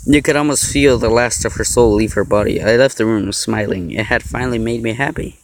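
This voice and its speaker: A man reads a horror story aloud with a straight face that keeps cracking into jokey asides. His voice sits in an ordinary middle range. The home recording has a clear hiss of noise and some clicks. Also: medium pitch, brisk, poor audio. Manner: joking asides and laughs between narration. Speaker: story reader. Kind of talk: mock-serious horror story reading.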